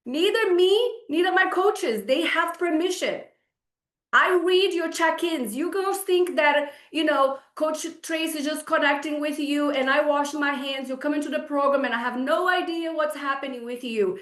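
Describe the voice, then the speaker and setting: Woman fitness coach, 40s, blunt, exasperated, lecturing, fairly high voice, echoey room, video call. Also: moderate pace, pushed and bright. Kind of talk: scolding group coaching call.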